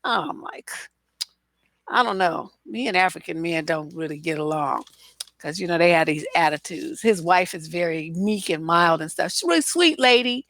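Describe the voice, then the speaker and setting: A woman relationship coach talking to her viewers in a casual live broadcast, blunt, animated and freely profane. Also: fairly low pitch, normal speed.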